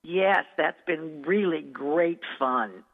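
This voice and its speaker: A woman's voice: sits low, slow pace. A woman dialect coach telling stories in an interview, effusive and enthusiastic. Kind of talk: interview storytelling. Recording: echoey, tinny phone-like recording.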